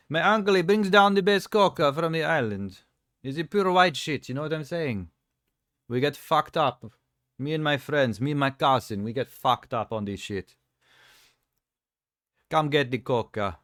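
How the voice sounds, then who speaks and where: A man's voice: fairly high pitch, fairly bright tone, dry recording, clean studio sound, voice pushed up, lightly acted. A man voicing a brash young man who pushes drugs at a party, crude and swaggering, in a put-on accent that wanders between several.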